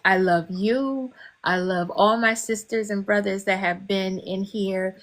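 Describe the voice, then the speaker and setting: A woman's voice: mid-range voice, steady tone, unhurried. A woman guest author chatting on a podcast, emotional and candid, laughing often and swearing freely. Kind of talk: casual podcast chat.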